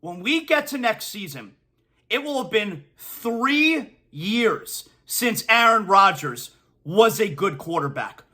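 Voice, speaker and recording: A man's voice: high-pitched, very animated, takes it slowly, sharp tone. A man hosting a sports talk show, ranting emphatically and repeating his punchlines for effect. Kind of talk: opinionated sports talk monologue.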